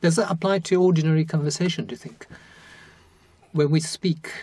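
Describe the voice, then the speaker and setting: A man's voice: on the high side, steady tone, fairly quick, warm tone, no echo. A man whose first language is Japanese, interviewing guests and asking brief, careful questions. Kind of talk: interview conversation.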